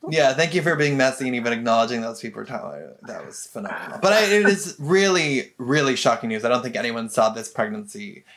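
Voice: medium pitch, expressive, fairly bright tone. Playful gossip podcast host. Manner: playful, teasing, quick to laugh. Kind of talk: casual pop-culture gossip chat.

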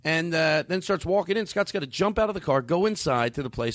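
A man hosting a casual podcast chat, telling a story and acting out the dialogue with lively shifts in his voice. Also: a little high, fast, few pauses, no room sound, studio quality. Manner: animated, acts out quoted dialogue. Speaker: podcast host.

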